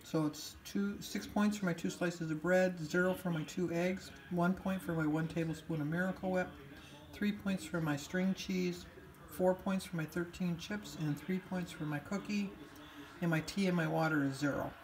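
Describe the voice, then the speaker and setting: A woman vlogging her weight-loss diary in a casual, chatty way, an animated storyteller who acts out both sides of conversations, upbeat and self-deprecating. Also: on the low side, moderate pace.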